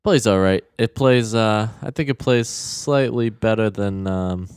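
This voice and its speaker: A man's voice: fairly low pitch, a little slow, a little mellow, smooth, no echo, studio quality. A man in casual podcast chat, talking hesitantly with many fillers. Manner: hesitant, lots of "uh" and "like". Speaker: podcast co-host.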